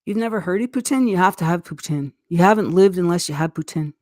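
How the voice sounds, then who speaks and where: A woman's voice: on the low side, fast, a little mellow, no room sound, clean studio sound. A middle-aged woman from Eastern Canada with a Canadian accent, chatting casually on a live stream in a rambling way and laughing often. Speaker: livestream host.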